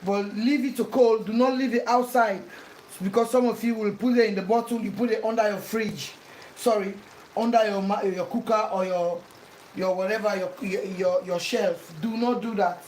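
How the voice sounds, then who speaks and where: A woman's voice: mid-range voice, steady tone, moderate pace, a little mellow, slight background noise. Chatty woman cooking in an echoey kitchen. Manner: chatty, repeats words, breaks into playful sing-song. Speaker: cooking vlogger. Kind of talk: casual cooking demonstration. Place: home kitchen. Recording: roomy kitchen echo, faint ambience.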